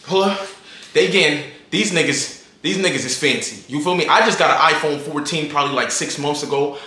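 Hyped young man, high bright voice. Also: a little fast. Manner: hyped, slangy, keeps asking "you feel me". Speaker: vlogger telling a story. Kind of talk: casual storytime monologue. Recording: roomy echo.

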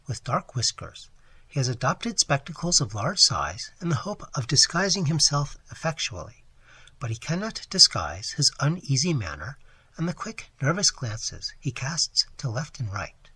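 A man with a hoarse voice voicing a scheming genteel young woman who feigns distress, speaking softly and confidingly. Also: medium pitch, big pitch swings, unhurried, heavily acted. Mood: hushed.

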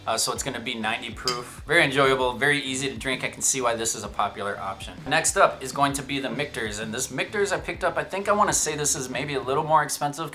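A man's voice: medium pitch, sharp tone. A man giving a casual whiskey tasting review, chatty and self-amused, with joking asides. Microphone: shotgun microphone.

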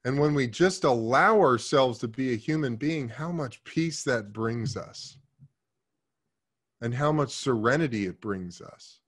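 A man in his thirties, a podcast guest, telling a story in a loose, profane way and swinging from hushed asides to loud emphasis. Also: mid-range voice, expressive, unhurried, husky. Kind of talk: casual interview storytelling.

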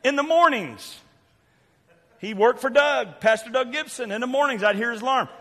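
Older male Southern preacher, high bright voice, fiery sermon in a reverberant sanctuary. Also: animated, moderate pace. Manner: loud, preachy, sudden shouts and quiet asides. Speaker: pastor. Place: church sanctuary. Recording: long church hall reverb.

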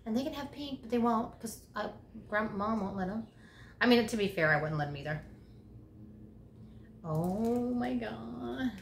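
Excitable grandmother chatting, roomy bedroom. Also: on the high side, a little slow, gravelly, pauses often, a little hiss or hum. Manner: chatty and excitable, gasping and exclaiming, dropping to whispers. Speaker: crochet vlogger. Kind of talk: casual chat. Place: bedroom, indoors.

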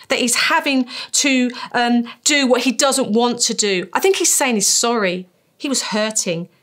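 A British woman preaching a sermon, emphatic and slowing down to stress key phrases. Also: a little high, animated, a bit bright. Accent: British English.

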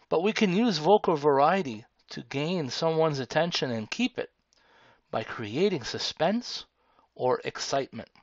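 A man teaching a tutorial, speaking slowly and deliberately. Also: a little high, no echo. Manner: slow, deliberate, demonstrative. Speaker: speaking instructor. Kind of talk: tutorial explanation. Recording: dull lo-fi sound.

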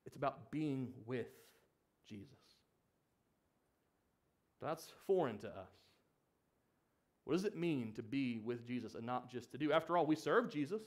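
A man's voice: medium pitch, animated, measured pace, long pauses, a little mellow. A young man preaching a sermon as pastor, asking the congregation questions and acting out the quoted lines of the story. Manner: acts out quoted pleas with rising emphasis.

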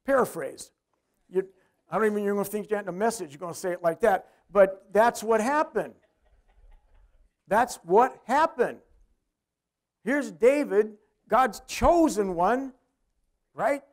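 A man's voice: sits high, lively intonation, unhurried, long pauses. A middle-aged male pastor preaching a sermon in a conversational way, often asking the congregation questions.

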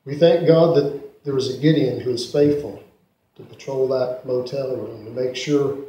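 A man preaching a sermon and telling stories, dramatically swinging from loud peaks to hushed asides. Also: medium pitch, fairly even intonation, moderate pace. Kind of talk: sermon storytelling. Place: church sanctuary. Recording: echoey church room.

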